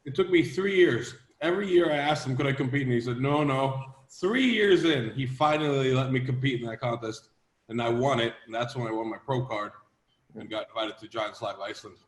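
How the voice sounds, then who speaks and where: A man in his thirties from Latvia, a strongman guest telling his story in a steady, measured way in a casual interview. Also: medium pitch. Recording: roomy echo.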